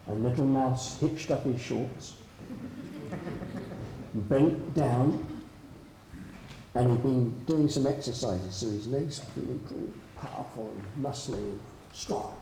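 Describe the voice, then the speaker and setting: A man's voice: mid-range voice, slow, pauses often, mellow. A man telling a traditional story live at a festival, dramatic and swooping, drawing out his words. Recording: roomy live hall with faint noise.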